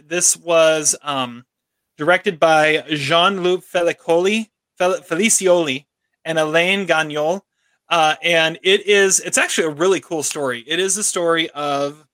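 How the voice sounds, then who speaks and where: Bright, teasing male podcast co-host. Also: on the high side, no echo. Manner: teasing, upbeat banter. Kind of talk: casual podcast chat.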